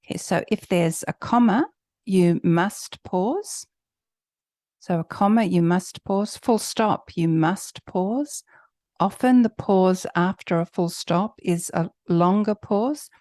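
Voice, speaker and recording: A woman who is a native English speaker, tutoring for an English test with clear, explanatory talk and slowed emphasis. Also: mid-range voice, a little mellow, dry recording, clean studio sound. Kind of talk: online teaching.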